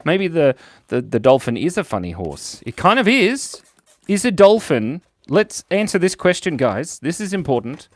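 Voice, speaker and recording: A man's voice: fairly high pitch, very animated, moderate pace, no echo. A man with an Australian accent hosting a live drawing stream for kids, playful and jokey as he reads viewer comments aloud. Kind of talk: casual livestream chat.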